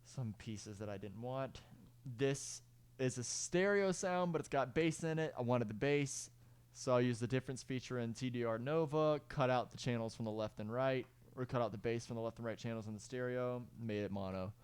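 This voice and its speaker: A man's voice: mid-range voice, steady tone, fairly quick, darkish tone, clear, resonant tone. Rambling young man explaining a music project. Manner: rambling, self-correcting, fillers and sung beat sounds. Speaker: music producer giving a tutorial. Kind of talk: casual screen-recorded tutorial. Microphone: clip-on mic.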